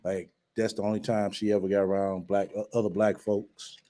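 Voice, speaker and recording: A man, hosting a reaction commentary and mocking, heckling and cursing loudly at a clip. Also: fairly low pitch, level tone, normal speed.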